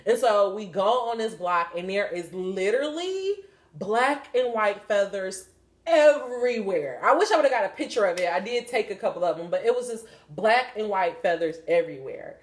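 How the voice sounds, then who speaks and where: On her podcast, a young woman chats candidly about spiritual signs in an animated, medium-pitched voice at normal speed. The talk wanders, is laced with profanity and fillers, and carries a roomy echo.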